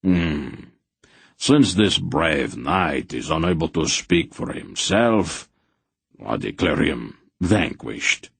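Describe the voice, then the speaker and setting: A man's voice: extremely low pitch, animated, takes it slowly, vocal fry, fairly bright tone, breathy edge, no room sound, full character voice. A man voicing a haughty male knight who speaks in formal, mock-courteous archaic phrases. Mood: smug.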